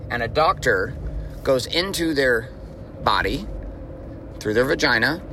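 Man in his 40s, podcast host, forceful bright voice, blunt, emphatic, profane, faint background noise. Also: medium pitch. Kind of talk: motivational podcast monologue.

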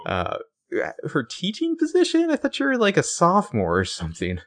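A man co-hosting a podcast, chatting casually and playfully as he recaps TV scenes with lively retelling. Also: sits high, fairly quick, no echo. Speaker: podcast co-host.

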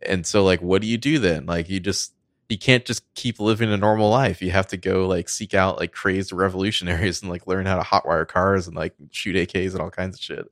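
A man's voice: deep voice, steady tone, fairly quick, dry recording, studio quality. A man co-hosting a casual movie podcast, rambling with lots of fillers and swearing. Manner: rambling, filler-heavy, profane. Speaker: podcast co-host.

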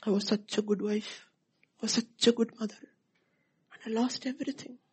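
A man's voice: high voice, steady tone, normal speed, husky, voice pushed up. A man putting on a bitter, self-pitying widow. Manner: complaining, self-pitying, raised.

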